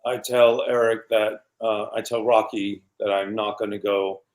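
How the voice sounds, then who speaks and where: A man in his fifties from New York, a guest actor recalling film shoots in a casual, animated interview. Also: lowish voice, unhurried. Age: 50s. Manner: animated anecdotes with laughs and quoted voices.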